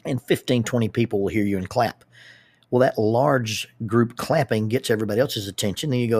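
Husky man telling a lively story. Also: medium pitch, brisk, dry recording. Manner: animated, with repeated starts and lively asides. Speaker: public speaker and youth group leader. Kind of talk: personal storytelling talk.

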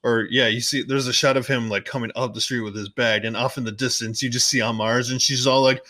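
Chatty man with a bright, dry voice. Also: medium pitch, steady tone, brisk, dry recording. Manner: rambling, chatty, self-correcting, playfully acts out lines. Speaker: podcast host. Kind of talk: casual movie recap podcast.

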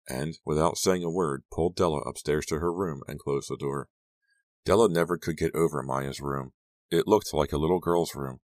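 A man with an extremely deep, low voice narrates an audiobook in a measured, steady way. The sound is dry and close, with no room around it. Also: no room sound.

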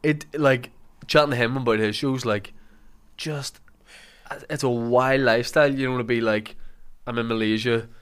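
A man's voice: medium pitch, fairly even intonation, normal speed, pauses often, clean tone. Friendly man hosting a casual chat.

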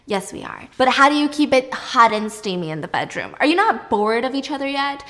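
Gossipy, animated woman recapping a show. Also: on the high side, a little fast. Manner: gossipy and animated, acts out lines. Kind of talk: casual chatty recap.

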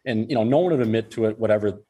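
A man's voice: on the low side, racing, dark tone, breathy edge. A young man in his twenties, a podcast guest, telling a long story in casual, rambling chat, swearing freely. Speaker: podcast guest, hockey player.

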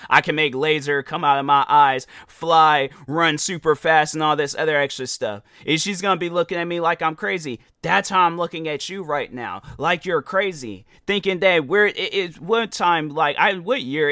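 A man's voice: a little high, sharp tone, no echo, studio quality. A young man hosting a podcast, telling a rambling, exasperated story in casual slang. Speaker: podcast host.

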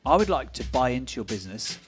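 A man voicing a vague female life coach with a lisp and halting, stumbling speech, low and quiet. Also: big pitch swings, over music, close to an everyday voice. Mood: smug.

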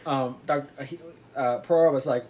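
A woman's voice: very deep voice, moderate pace, lo-fi sound. A woman casually retelling a book plot to friends, rambling and giggling as she acts out the characters. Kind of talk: casual group chat. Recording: lively group laughing behind.

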